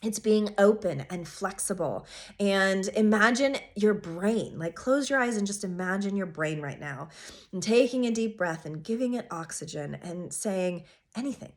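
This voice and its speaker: A woman astrologer giving a casual weekly forecast, talking straight to her viewers with emphatic, animated delivery that sometimes drops to a soft hush. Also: medium pitch, normal speed.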